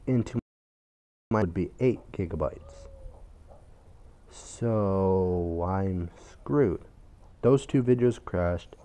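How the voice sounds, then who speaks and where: A man's voice: medium pitch, mellow. A young man giving casual gameplay commentary as a gaming YouTuber, grumbling and swearing, turning frantic when the game gets hectic, recorded on a phone at home.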